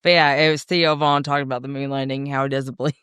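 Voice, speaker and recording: A woman's voice: rumbling low, level tone, fast, a bit bright, clean tone, no room sound, studio quality. Giggly Southern woman co-hosting a podcast. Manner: bubbly, giggly, apologetic. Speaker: podcast co-host. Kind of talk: casual chat.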